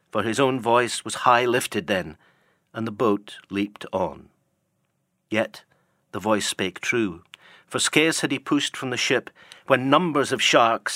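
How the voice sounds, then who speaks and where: Male narrator, lowish bright voice, measured delivery, dry studio sound. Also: dry recording. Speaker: audiobook narrator. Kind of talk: scripted narration.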